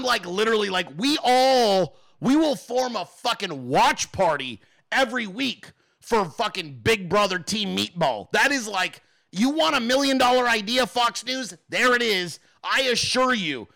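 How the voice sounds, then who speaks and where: A man hosting his show, swearing constantly and pitching ideas in an excited, rapid-fire comedic rant. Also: creaky. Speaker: show host.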